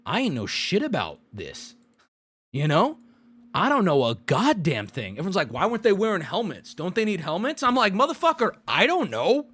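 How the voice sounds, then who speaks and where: A man in his thirties streaming, ranting with heavy profanity and breaking into sudden incredulous yells. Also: high-pitched, huge pitch swings, moderate pace, husky. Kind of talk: ranting live stream commentary.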